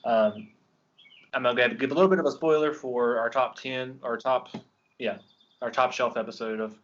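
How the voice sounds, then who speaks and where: Heard through lo-fi audio, this film podcast host has a mid-range voice. He rambles enthusiastically about a favorite movie in a casual review chat, full of ums and false starts.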